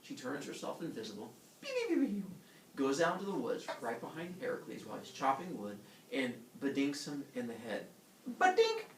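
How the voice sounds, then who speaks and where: A man telling a myth as a comic story, playful and animated, with his own sound effects. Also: medium pitch, brisk, echoey room, distant mic, slight background noise, low-quality recording.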